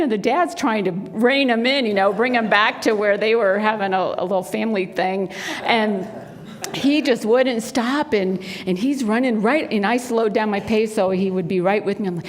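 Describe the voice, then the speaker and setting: A woman's voice: mid-range voice, normal speed. A woman minister giving a sermon, telling a personal story and acting out the voices of the people in it. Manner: storytelling, acts out quoted voices. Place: spiritual center sanctuary. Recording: long hall reverb.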